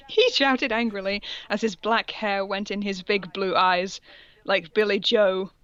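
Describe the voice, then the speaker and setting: A woman's voice: medium pitch, steady tone, measured pace, fairly bright tone, clear, resonant tone, no echo, lo-fi sound. A woman co-hosting a podcast, reading fan fiction aloud and stumbling over its odd words with comic disbelief. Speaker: podcast co-host.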